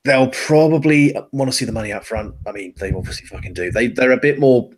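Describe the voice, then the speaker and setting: A man's voice: mid-range voice, fast talker, lightly acted. A man voicing a streetwise male drug contact, blunt and crude. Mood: gruff, blunt. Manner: crude, swearing, matter-of-fact.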